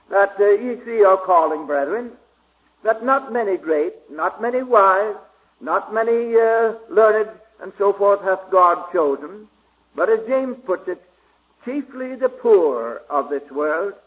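Preacher, man, high voice, slow halting delivery, tinny lo-fi recording. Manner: slow, halting, many pauses and fillers. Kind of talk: Bible study sermon. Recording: tinny phone-like old recording.

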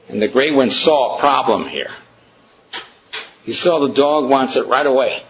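A man's voice: mid-range voice, measured pace, pauses often, dull audio. A man preaching a storytelling sermon, emphatic and questioning his listeners.

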